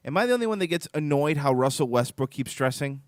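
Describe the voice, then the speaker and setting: A man's voice: fairly high pitch, lively intonation, fast, no room sound, clean studio sound. A man co-hosting a casual comedy chat show, joking and teasing his co-hosts. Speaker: podcast co-host.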